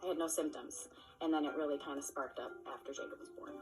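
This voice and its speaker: A young woman with a notably low voice shares a personal story in a halting, emotional way. Soft music plays faintly behind her. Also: steady tone, rough recording. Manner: emotional, halting, drops to a whisper.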